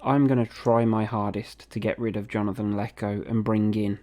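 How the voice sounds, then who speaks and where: Young man, mellow tone, casual gaming commentary, talks to himself as he plays. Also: lowish voice, little pitch movement, normal speed. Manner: chatty, reacting aloud as he plays. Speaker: gaming video host.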